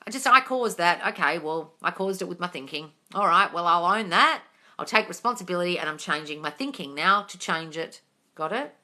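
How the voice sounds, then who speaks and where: A woman's voice: on the low side, brisk, bright, forceful tone. A woman hosting a casual live-stream Q&A on her phone, chatting freely, swearing and calling her viewers darling. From England. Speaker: host.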